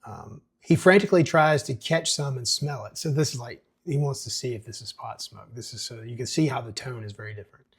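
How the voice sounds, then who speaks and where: A man hosts a screenplay breakdown show and talks in a casual, relaxed way between passages of the script. His voice sits at mid pitch and has a husky, slightly rough texture. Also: a little fast, hardly any pauses. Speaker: screenwriting podcast host.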